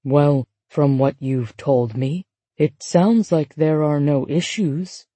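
A calm, kind older male psychoanalyst, as a woman narrator puts him on, speaking in a low, slow, dark and husky voice. He sounds measured and gentle. The recording is dry and close. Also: no room sound. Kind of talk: audiobook narration.

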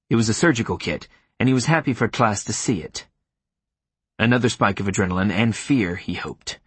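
A man narrating a thriller audiobook in a steady, measured, grim manner. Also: lowish voice, breathy edge, no room sound.

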